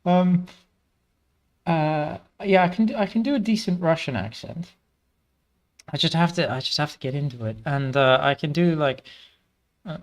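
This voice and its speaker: A man's voice: a little high, normal speed. A man hosting a casual gameplay stream, talking in a rambling way with many fillers and restarts.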